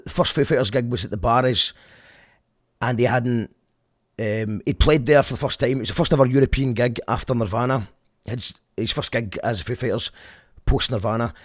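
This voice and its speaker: A man's voice: mid-range voice, dry recording, studio quality. A man with a Glaswegian Scottish accent in a casual, rambling rant that drifts off on tangents and keeps restarting his sentences. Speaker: vlogger.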